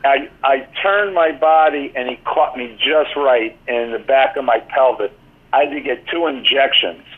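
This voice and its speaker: With a breathy edge to his mid-range voice, an older man speaks at a measured pace on a tinny phone line. He is a casual interview's guest, a former team athletic trainer and author, whose rambling anecdotes are full of "you know."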